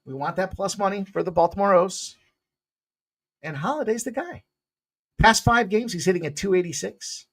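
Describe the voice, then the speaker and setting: A man hosting a sports betting picks show, talking casually in a loose, jokey way with bursts of loud excitement. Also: high-pitched, normal speed, pauses often.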